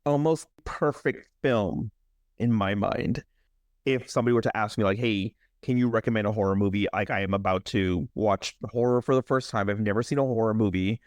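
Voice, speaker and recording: A young man co-hosting a horror podcast, recapping a movie in a casual, animated way, joking and laughing. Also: on the low side, normal speed, no room sound. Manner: animated storyteller, jokes and laughs. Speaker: podcast co-host.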